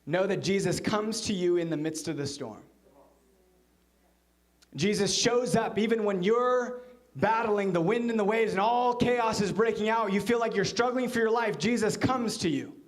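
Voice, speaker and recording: A man, the pastor, preaching a sermon in church and telling a story, at times dropping into a hushed low voice for quoted lines. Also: normal speed.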